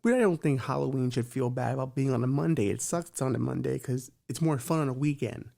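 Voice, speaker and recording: A man's voice: mid-range voice, fast, creaky, dark tone. Profane, joking man hosting a comedy show. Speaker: host. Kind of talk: comedic talk-show monologue.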